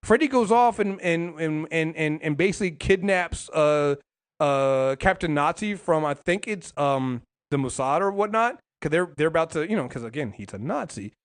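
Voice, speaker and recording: A man's voice: fairly high pitch, lively intonation, normal speed. A man co-hosting a casual podcast, talking in long rambling runs with many restarts and some swearing. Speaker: podcast co-host. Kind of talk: casual comics podcast chat.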